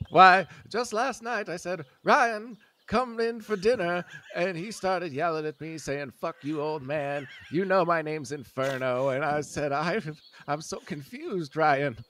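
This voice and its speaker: A man's voice: on the high side, slow pace, sharp tone. Man putting on a cranky old grandfather. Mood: exasperated. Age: elderly figure. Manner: grumbling, foul-mouthed, feigns deafness.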